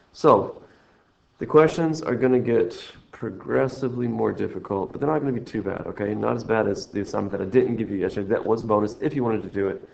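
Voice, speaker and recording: A man's voice: medium pitch, vocal fry. A man teaching a recorded math lesson, walking through problems in a jokey, self-mocking, rambling way. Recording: dull lo-fi screen recording.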